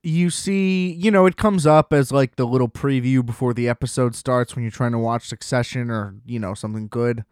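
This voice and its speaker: A man's voice: mid-range voice, normal speed, hardly any pauses, darkish tone, clean tone, dry recording, studio quality. A man co-hosting a casual movie podcast. He rants with a lot of swearing and laughs at his own complaints. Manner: ranting, profane, laughing at his own gripes. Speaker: podcast co-host.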